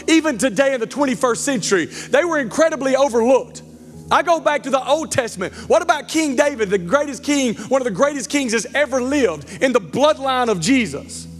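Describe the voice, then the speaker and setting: A man, preaching a sermon as pastor, animated and joking, stumbling over words. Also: very high voice, a little fast, few pauses. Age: 40s. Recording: church hall reverb with faint music.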